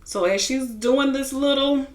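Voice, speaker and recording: A young woman in a casual vlog, retelling a reality show episode with lively, slangy asides. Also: sits high, a little slow. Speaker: TV show reviewer.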